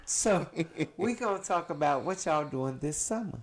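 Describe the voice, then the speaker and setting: A man's voice: a little high, expressive, normal speed, slight background noise. Laid-back man in his thirties hosting. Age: 30s. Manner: easygoing, bossy with the guests. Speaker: podcast host. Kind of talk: casual chat.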